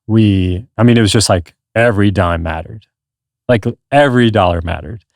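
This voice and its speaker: A man's voice: lowish voice, moderate pace, darkish tone, no room sound, clean studio sound. A man in his thirties, a podcast guest, telling his story in an earnest, rambling conversational way. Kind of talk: casual conversation.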